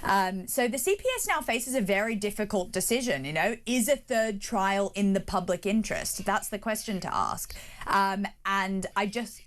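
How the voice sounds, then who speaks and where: A woman's voice: medium pitch, normal speed. Opinionated Australian woman on radio. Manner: opinionated, animated when telling a story. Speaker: studio guest commentator. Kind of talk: radio discussion.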